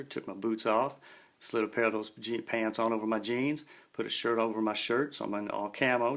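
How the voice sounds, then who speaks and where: A man's voice: medium pitch, gravelly, a bit bright. A man in his forties telling a story in a laid-back, slangy way. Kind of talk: casual spoken storytelling.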